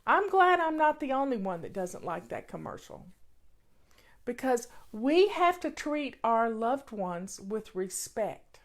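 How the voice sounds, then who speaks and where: A woman with a slightly high voice speaks slowly and earnestly to her viewers from home. She chats casually over a cup of tea and drives home her points by repeating them. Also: big pitch swings. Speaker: vlogger. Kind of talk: casual talk to camera.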